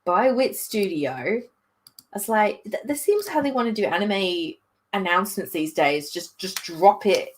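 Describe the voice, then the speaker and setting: A woman vlogger chatting casually about new anime, reacting in an excitable, gushing way. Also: medium pitch, unhurried. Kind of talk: casual chat.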